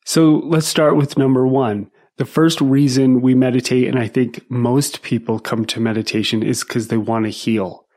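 A man hosting a meditation podcast, talking in a relaxed, easygoing way and laughing at his own stories. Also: medium pitch, normal speed, few pauses. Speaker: meditation teacher and podcast host. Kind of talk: relaxed podcast monologue with storytelling.

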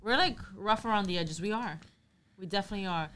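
Female co-host, strong New York accent, bright tense tone, faint background noise. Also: mid-range voice, fast. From Brooklyn, New York. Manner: storytelling, animated quoting. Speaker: podcast co-host. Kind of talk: casual chat.

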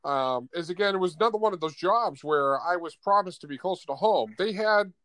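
A man hosting a podcast, telling a profane story in an animated casual chat. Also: high-pitched, fairly quick, no room sound. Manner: animated, profane, laughs often.

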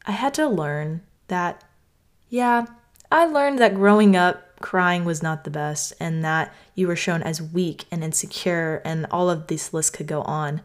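A woman's voice: fairly low pitch, unhurried. A young woman from North Carolina hosting her own podcast, talking earnestly and conversationally, often saying "like". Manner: earnest, conversational, heavy use of "like". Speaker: podcast host. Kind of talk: reflective solo podcast talk.

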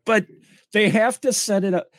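A man co-hosting a podcast, explaining things in an animated, emphatic way in casual chat. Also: high-pitched, normal speed, no echo, studio quality. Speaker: podcast co-host.

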